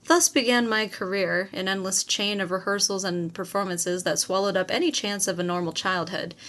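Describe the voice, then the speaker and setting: A woman's voice: mid-range voice, moderate pace. A woman narrating a first-person novel as an audiobook, telling it expressively. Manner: expressive storytelling with acted quotes.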